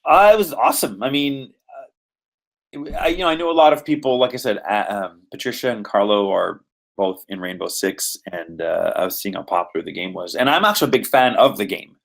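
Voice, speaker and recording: This Quebecois voice and motion capture actor has a lowish, gravelly voice and speaks fairly quickly. Interviewed on a podcast, he rambles animatedly about the roles he's played, with plenty of filler words.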